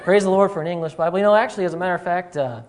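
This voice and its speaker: A man's voice: sits high, racing, a faint crowd. A young man preaching in a church as a guest speaker, chatty and self-deprecating, with plenty of fillers. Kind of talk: sermon. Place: church sanctuary.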